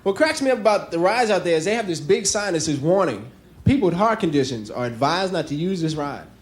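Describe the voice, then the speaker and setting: A man's voice: high-pitched, sing-song, fairly quick. A young man from New York doing a stand-up comedy set on a club stage, telling jokes conversationally and breaking into acted voices. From New York City. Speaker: stand-up comic. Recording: crowd laughter and noise.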